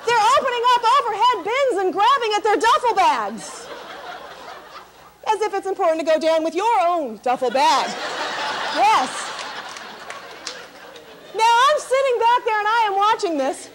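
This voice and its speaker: A high-energy woman telling a funny travel story on stage, animated and often laughing through her lines. Her voice is very high. A faint hiss runs under the recording. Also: a little slow, pauses often, crowd noise. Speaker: keynote speaker. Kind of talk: comic storytelling to an audience.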